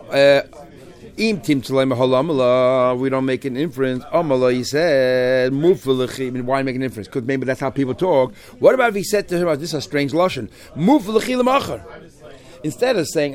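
A man leads a Talmud class, arguing through the text out loud. He keeps asking questions in an animated way and drops Hebrew terms in as he goes. His voice sits at a middle pitch. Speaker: Talmud teacher.

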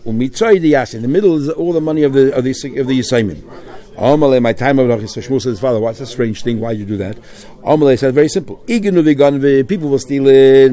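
A man's voice: medium pitch, mellow. A man teaching a Talmud class, reading phrases in the original and then explaining them in English.

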